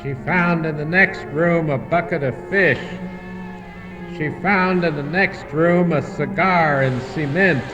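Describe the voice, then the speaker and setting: A man giving a slow, deliberate poetry reading, chanting repeated lines. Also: fairly high pitch, reverberant, recorded from a distance, lo-fi sound, music in the background. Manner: slow, deliberate incantatory repetition. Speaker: poet.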